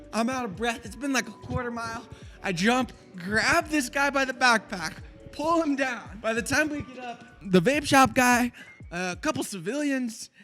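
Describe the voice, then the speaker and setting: Animated high-voiced man telling a story. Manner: animated, fast-talking. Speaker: small business owner. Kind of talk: casual storytelling.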